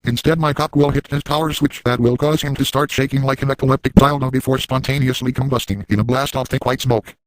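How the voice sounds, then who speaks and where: A man's voice: mid-range voice, steady tone, fast talker, hardly any pauses, no echo, close to an everyday voice, rough recording. A man voicing a crude, gleeful, boastful adult man in a comic parody, narrating in first person with a brash, over-the-top manner.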